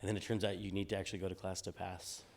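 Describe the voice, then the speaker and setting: A very low-voiced man in his forties chats as an interview guest. He rambles easily, full of ums and restarts, in a relaxed, unhurried way. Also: gravelly. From United States. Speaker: game designer guest. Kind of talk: casual interview on stage.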